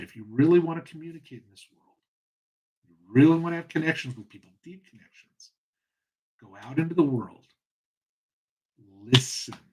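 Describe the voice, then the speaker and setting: The host's voice is husky and a little rough, sitting at a middling pitch, heard over a rough recording. Reflecting alone on his own experience, he talks with earnest passion, often pausing and starting over.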